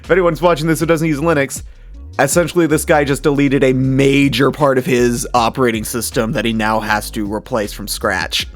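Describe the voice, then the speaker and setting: A young man giving casual, chatty commentary as he reacts to memes, with frequent laughs and animated asides. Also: mid-range voice, moderate pace, soft background music.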